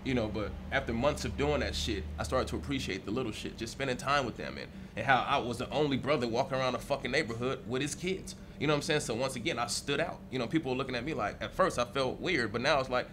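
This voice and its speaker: A man's voice: mid-range voice, fast, few pauses, background noise. A man, a teacher, speaking candidly in a reflective interview with casual swearing.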